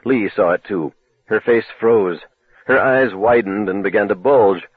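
A man narrating a novel in the first person, telling it in a measured, low, dramatic manner. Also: slightly rough, no echo. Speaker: audiobook narrator. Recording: tinny phone-like dry recording.

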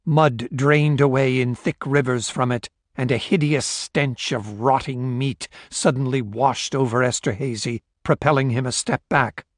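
Reading a novel aloud as an audiobook narrator, the man sounds steady and measured. His voice sits in the mid-range, captured cleanly in a studio with no room sound.

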